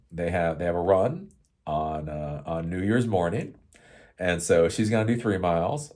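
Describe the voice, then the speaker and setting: A man with a low voice talks through a loose, rambling monologue for his own show. His pitch swings widely, and he breaks into laughter often. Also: warm tone. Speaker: show host.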